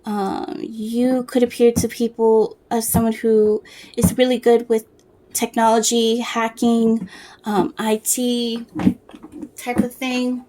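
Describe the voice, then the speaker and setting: A woman with a slightly high voice gives a casual tarot reading straight to the viewer. She talks in a soft, rambling way, hunting for words and restarting her sentences as the reading comes to her. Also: level tone, slow. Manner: rambling, searching for words, many fillers and restarts. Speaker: tarot reader.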